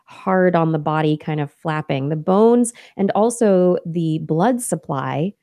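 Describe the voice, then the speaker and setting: A woman co-hosting a science podcast talks through new research in a mellow, warm tone. She explains study details casually, with laughs and fillers along the way. Her voice sounds dry and close, with no room echo. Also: low voice, lively intonation, a little slow. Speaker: podcast co-host. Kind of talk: casual science news chat.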